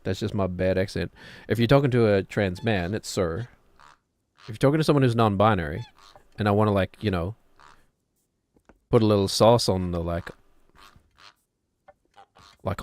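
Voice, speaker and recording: A man's voice: lowish voice, moderate pace, long pauses, a little mellow. A man in his thirties with a New Zealand accent, streaming and rambling casually in a joking, self-deprecating way. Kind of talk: casual chat while gaming.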